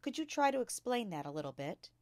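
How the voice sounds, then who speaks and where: A woman voicing a kind, gentle young schoolteacher who asks encouraging questions. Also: a little high, sing-song, fast, dry recording, voice pushed up.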